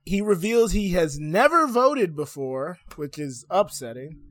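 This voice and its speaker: A man's voice: sits high, big pitch swings, measured pace, fairly bright tone, dry recording. Candid young man, dry close sound. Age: 20s. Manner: candid, rambling with fillers, laughs easily. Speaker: podcast co-host and musician. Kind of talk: casual podcast banter.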